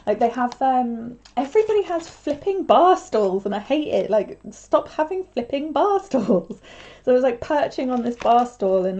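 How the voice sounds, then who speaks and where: Chatty woman, mellow and lo-fi. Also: medium pitch. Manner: rambling, chatty, full of filler words. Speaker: craft livestreamer. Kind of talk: casual livestream chat while crafting.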